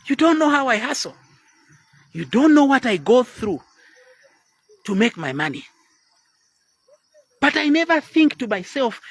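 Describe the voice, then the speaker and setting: Blunt man, lively preaching talk. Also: very high-pitched, normal speed. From Zambia. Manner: blunt, preachy, drops into sudden quiet asides. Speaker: motivational speaker. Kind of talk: Facebook live motivational talk.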